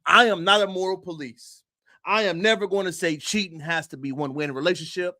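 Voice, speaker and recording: High-voiced man ranting on a livestream. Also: fast, no room sound, studio quality. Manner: emphatic, rhetorical questions, addresses viewers directly; punchy repeated phrases, occasional shouting. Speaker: livestream host. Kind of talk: opinionated commentary livestream.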